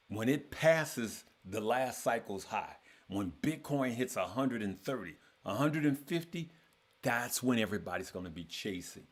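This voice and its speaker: A man hosting a trading course, talking casually to his members and repeating phrases for emphasis. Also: mid-range voice.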